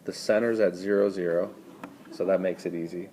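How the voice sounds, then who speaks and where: A man's voice: low-pitched, fairly even intonation, normal speed, mellow, slight background noise. A man tutoring math in a screencast lesson, walking students through each step and quizzing them as he goes.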